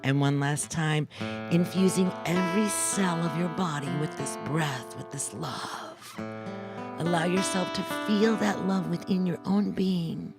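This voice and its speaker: A woman's voice: fairly low pitch, a little slow, loud music behind the voice. A woman co-host leading a guided breathing meditation, chanting repeated words in a sing-song way.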